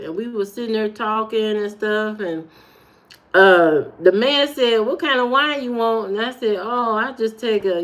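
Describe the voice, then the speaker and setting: Hosting a casual livestream, this adult Indiana woman reads through comments and tells stories with lively energy. Her voice is high enough to seem youthful and leaps upward whenever she retells something.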